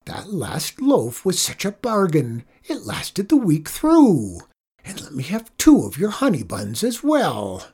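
A storyteller voicing Griselda, a sharp-tongued, grouchy old village woman who scoffs and snaps. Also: mid-range voice, huge pitch swings, takes it slowly, breathy edge, pitched above the performer's own voice, heavily acted. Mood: flustered. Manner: snappish, scornful scoffing.

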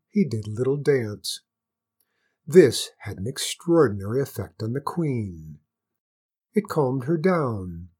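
A storyteller reading a fairy tale aloud in an expressive, lilting way. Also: mid-range voice, slightly rough. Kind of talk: storybook narration.

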